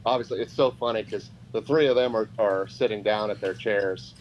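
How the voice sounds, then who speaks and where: A man's voice: fairly low pitch, fairly quick. A man, a guest on a podcast, telling a story casually and acting out the other people in it. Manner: animated, acts out quoted voices. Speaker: podcast guest, pro wrestler. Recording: dull lo-fi podcast audio with faint noise.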